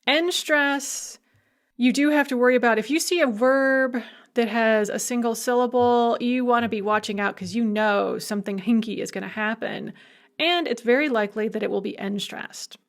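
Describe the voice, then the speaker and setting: A woman language instructor giving a recorded lecture, emphatic and lively, with playful asides. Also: on the high side, normal speed.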